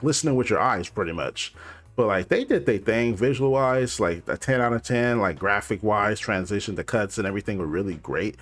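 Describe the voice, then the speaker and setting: A young man hosting a music video reaction, talking loosely and rambling with lots of filler words. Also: lowish voice. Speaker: reaction channel host.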